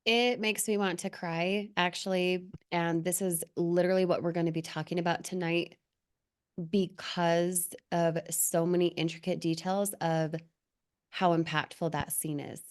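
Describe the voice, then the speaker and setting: A woman hosting a business coaching talk, emphatic and expressive, mocking clichés with playful mimicry. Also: lowish voice. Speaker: host.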